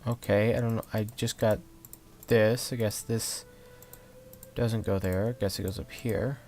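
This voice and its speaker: A man streaming a video game, slowly muttering to himself while working through puzzles. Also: on the low side, steady tone, darkish tone, a little hiss or hum. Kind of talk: casual live-stream commentary.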